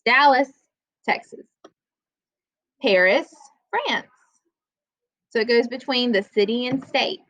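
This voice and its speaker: A woman teaching a classroom grammar lesson, plainly explaining rules and slowly reading out example sentences. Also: a little high, animated, a bit bright, no echo, dull audio.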